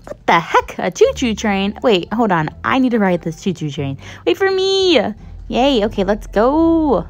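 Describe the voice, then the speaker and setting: A young woman doing giggly, excitable commentary while she plays a game. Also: mid-range voice, normal speed. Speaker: gaming YouTuber. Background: background music.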